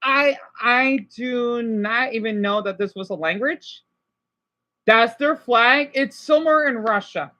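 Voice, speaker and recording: A chatty woman plays teacher to a pretend class and walks through language comparisons. Her voice sits a little high, and she talks eagerly, restarting and hedging as she goes. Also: measured pace, bright, forceful tone. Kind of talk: casual language lesson.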